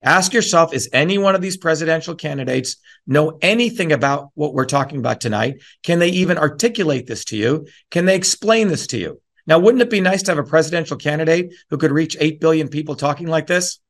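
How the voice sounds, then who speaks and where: Gravelly, heated man lecturing a town hall. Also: fairly high pitch, lively intonation, a little fast, few pauses, fairly bright tone. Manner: profane, heated and combative. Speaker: town hall speaker, presidential candidate. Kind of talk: lecture turning into an angry rant.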